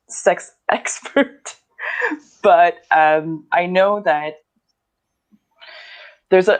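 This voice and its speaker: A woman guest on a livestream answering sex and relationship questions, speaking hesitantly with many fillers. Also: on the low side. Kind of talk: casual livestream chat.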